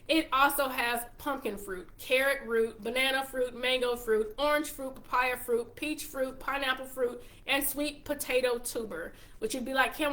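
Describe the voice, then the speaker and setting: A chatty woman with a Texas twang, talking casually to her viewers as she hosts her own show. Her voice sits a little high. She is upbeat and reels off long lists with small restarts along the way. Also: pushed and bright. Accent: Texan. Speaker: show host and wellness consultant. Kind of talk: casual product talk to viewers.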